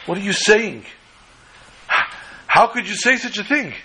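A man's voice: high-pitched, moderate pace, sharp tone, a little hiss or hum, pitched above the performer's own voice, low-quality recording. A man voicing an anguished elderly rabbi who pleads and reproaches himself in a raised, wailing voice within a spoken story. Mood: distraught.

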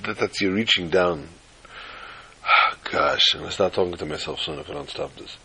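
Husky, low-voiced male storyteller, rambling and self-deprecating. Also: moderate pace, pushed and bright, poor audio. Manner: rambling, self-deprecating, stumbles and repeats words. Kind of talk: casual spoken storytelling.

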